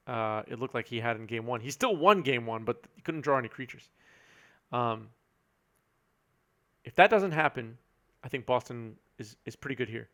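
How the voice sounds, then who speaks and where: A man calls a card game match as it happens. His voice sits at an ordinary middle pitch, and his delivery is chatty and easygoing, with frequent chuckles as he reads out viewer messages. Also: a bit bright. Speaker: match commentator. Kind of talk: live card game commentary.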